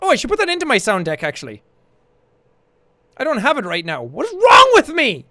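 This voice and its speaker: A man hosting a casual livestream, chatting in a jokey, excitable way, with bursts of shouting and laughter. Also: very high voice, a little fast, no room sound. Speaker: livestream host. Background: faint background music.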